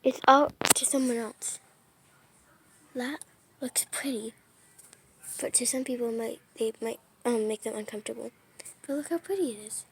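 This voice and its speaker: A woman's voice: fairly high pitch, moderate pace, husky. A young woman chatting casually to her camera indoors by a window, apologetic and often dropping to a whisper. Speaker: vlogger. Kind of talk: casual vlog narration. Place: indoors by a window during a storm. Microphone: phone or tablet camera.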